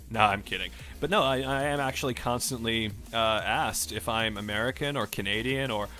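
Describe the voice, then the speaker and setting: A man's voice: mid-range voice, lively intonation, normal speed, few pauses, bright, forceful tone, faint music behind. A man from Australia rambling in a casual rant over gameplay, with strongly emphasized R sounds and a self-questioning way of talking. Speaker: gaming vlogger.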